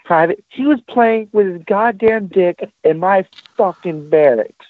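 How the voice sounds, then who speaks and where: A man voicing a furious male army sergeant major who yells crude profanity. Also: high voice, measured pace, voice pushed up. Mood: outraged yelling. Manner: yelling, crude, outraged. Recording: dry, tinny phone-like call audio.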